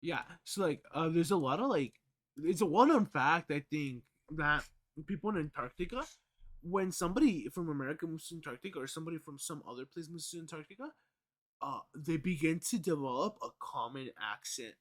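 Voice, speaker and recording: Young man, streamer, raised pitch, loose rambling talk, swearing, fillers. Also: animated, a little fast. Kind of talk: casual reaction commentary.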